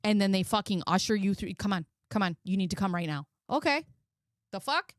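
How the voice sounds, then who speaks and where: A woman's voice: mid-range voice, lively intonation, brisk, no echo, clean studio sound. Blunt swearing woman in her forties. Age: 40s. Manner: blunt, frequent swearing, emotional. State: close to tears. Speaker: commentary channel host. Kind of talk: casual commentary and personal storytelling.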